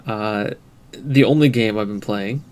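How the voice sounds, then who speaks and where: A man co-hosting a gaming podcast, chatting in a relaxed, self-deprecating way. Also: on the low side, a little slow, clear, resonant tone. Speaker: podcast co-host. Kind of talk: casual chat.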